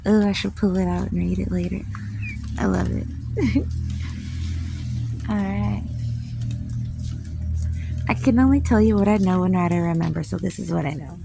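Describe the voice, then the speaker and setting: A woman's voice: fairly low pitch, moderate pace, vocal fry, long pauses, over music. A woman poet teaching a casual spiritual class outdoors. She speaks candidly, swears freely, and laughs often. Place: outdoors, with planes passing overhead.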